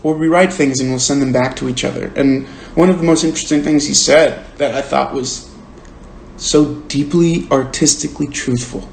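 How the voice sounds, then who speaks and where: A man's voice: mid-range voice, steady tone, gravelly. Earnest man in a roomy room. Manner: earnest, thoughtful, halting with stammered restarts. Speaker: book club host. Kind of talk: casual livestream chat reading comments. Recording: roomy echo with faint room noise.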